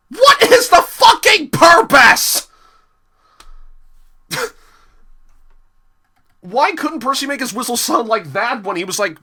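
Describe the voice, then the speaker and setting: A man's voice: high voice, bright, forceful tone, husky. A young man giving an exasperated, profane review monologue, sighing heavily between complaints. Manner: exasperated and profane, with heavy sighs. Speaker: episode reviewer.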